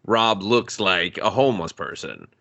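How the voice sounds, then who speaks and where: Deep-voiced, bright-toned man recapping movies. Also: animated, a little slow, vocal fry. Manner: profane, retells scenes with quoted voices. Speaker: podcast co-host. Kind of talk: casual movie review chat.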